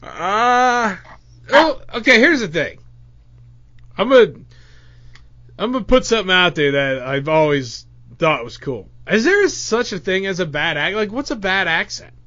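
High bright-voiced guy hosting a podcast, jumpy delivery, kinda lo-fi sound. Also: a little slow. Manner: loud, animated, teasing. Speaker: podcast host. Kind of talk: casual podcast banter. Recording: dull lo-fi podcast audio.

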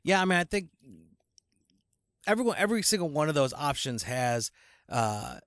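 A man's voice: fairly high pitch, sing-song, moderate pace, a bit bright, no room sound, clean studio sound. A man co-hosting a casual church podcast, teasing his friend and reading a listener email aloud. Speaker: podcast co-host, pastor.

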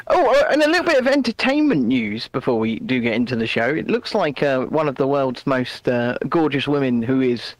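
A man's voice: medium pitch, sing-song, a little fast, few pauses, rough recording. A man co-hosting a casual live stream from a remote video call, chatty and jokey, with frequent restarts. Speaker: co-host.

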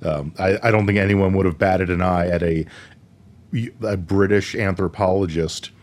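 A man with a fairly low voice chats loosely about a film he just watched. He fills the gaps with ums and likes and swears without thinking about it. The tone is casual and unhurried, a co-host recapping the plot. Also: steady tone, a little mellow. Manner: laid-back, swears casually, recaps plot with filler words. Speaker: podcast co-host. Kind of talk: casual movie review chat.

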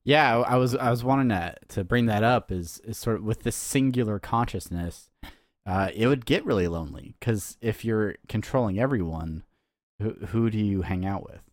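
Casting: male podcast co-host, lowish voice, hesitant and reflective, dry recording. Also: dry recording. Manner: halting, many restarts and fillers, thoughtful. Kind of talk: casual chat.

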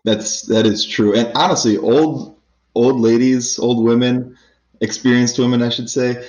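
A man hosting a podcast who encourages his guest and is quick to agree and laugh. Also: mid-range voice, steady tone, darkish tone. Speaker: podcast host. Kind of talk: casual interview chat. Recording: echoey, dull-sounding room.

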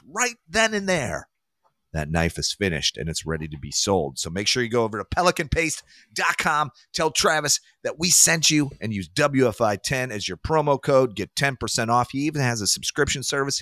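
A man hosting a podcast, reading sponsor plugs in a hyped salesman pitch with big swoops up and down. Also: a bit bright, no echo, clean studio sound. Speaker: podcast host. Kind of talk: casual chat with read sponsor ads.

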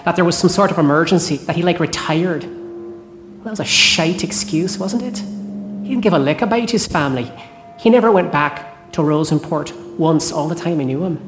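A woman's voice: lowish voice, animated, close to an everyday voice. A woman playing a shaken night cleaner. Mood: tense. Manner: tense, halting, swears. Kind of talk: horror audio drama. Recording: roomy with music score behind.

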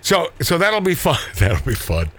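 A man's voice: on the high side, wildly swooping pitch, measured pace, fairly bright tone, husky. A man hosting a talk radio show, brash and mocking, often stumbling over his words. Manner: brash, mocking, stammering restarts. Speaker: radio host.

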